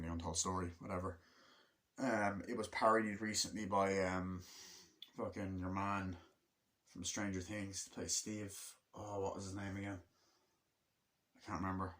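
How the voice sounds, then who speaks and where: A man's voice: low-pitched, a bit bright. A man giving a casual, rambling movie review, swearing freely and humming the score as he retells scenes.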